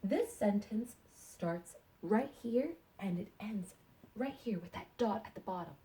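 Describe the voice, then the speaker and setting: A woman teaching sight words to young kindergarten children in a slow, encouraging sing-song way. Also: medium pitch, animated, warm tone.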